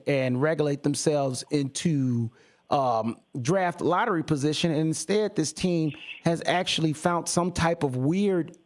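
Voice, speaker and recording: Brief: man, sports talk host, slightly high voice, passionate and exasperated. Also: darkish tone. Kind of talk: sports talk radio rant. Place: radio studio.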